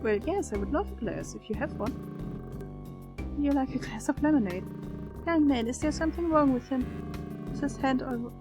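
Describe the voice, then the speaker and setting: A gentle, chatty old lady from a horror game, voiced by a woman. She is polite and motherly and calls everyone dear. Her voice sits a little high, with game music behind. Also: moderate pace, pauses often, rough recording. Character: frail elderly woman test subject, gentle and chatty. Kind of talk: game character voicing while playing.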